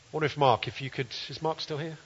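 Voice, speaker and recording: A man's voice: on the high side, fairly even intonation, fast, slight background noise. A man preaching a sermon, reading scripture aloud and commenting earnestly. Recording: dull, roomy hall sound.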